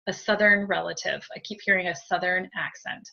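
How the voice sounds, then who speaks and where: A woman medium giving a group reading in a gentle, chatty way, with many fillers and soft thank-yous. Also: lowish voice, steady tone, brisk, vocal fry, lo-fi sound. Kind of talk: spiritual reading, conversational.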